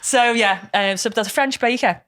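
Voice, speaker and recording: A woman's voice: on the high side, normal speed, a bit bright, dry recording, clean studio sound. A woman with a Liverpool accent hosting a podcast in casual chat, talkative, swearing freely and laughing often. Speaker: podcast host.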